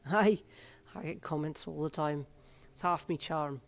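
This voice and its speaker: A woman's voice: sits low, a little slow, vocal fry. A woman voicing a friendly, chatty male tattoo piercer with an Irish accent, in a fan fiction audiobook. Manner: loud, jovial, folksy.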